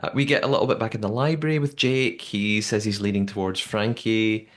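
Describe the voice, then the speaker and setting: A man's voice: lowish voice, steady tone, brisk. A man hosting a podcast, recapping a show in casual chat, laughing often and quoting people in put-on voices. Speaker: podcast host.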